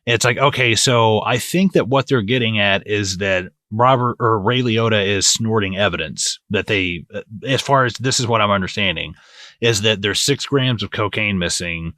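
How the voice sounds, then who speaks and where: A man's voice: fairly low pitch, moderate pace, sharp tone, no echo, clean studio sound. A man co-hosting a movie podcast in casual, profane chat who often acts out lines from the film. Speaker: podcast co-host.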